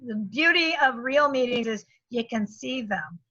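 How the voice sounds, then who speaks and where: A woman chairing an online meeting, brisk and joking, on a dull video call line. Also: on the high side, expressive, sharp tone, no room sound.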